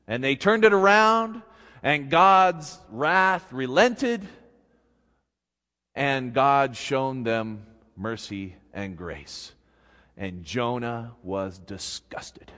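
Animated man preaching in an echoing church. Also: sits high, a little slow. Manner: storytelling, animated, folksy. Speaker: pastor. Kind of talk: sermon. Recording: long reverb in a big hall.

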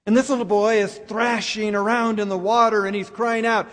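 A man preaching a sermon, slow and reflective, with dramatic pauses. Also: high voice, steady tone, a bit bright. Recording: long hall reverb.

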